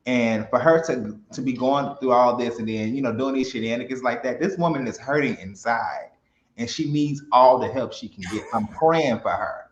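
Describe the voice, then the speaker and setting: A man co-hosting a live reality TV review stream, gushing and expressive while steering the chat along politely. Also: medium pitch, moderate pace, reverberant, lo-fi sound. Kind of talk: casual gossip chat on a livestream.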